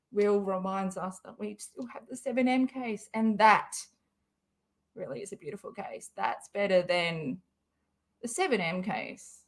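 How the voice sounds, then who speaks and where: Young woman, fairly high voice, rambling livestream chat, swears and laughs a lot. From Western Australia. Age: young adult. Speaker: livestream host.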